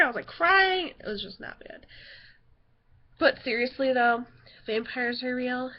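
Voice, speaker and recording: High-voiced chatty young woman vlogging. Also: expressive, moderate pace, pauses often, lo-fi sound. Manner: chatty, giggly, easily sidetracked. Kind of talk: casual rambling vlog.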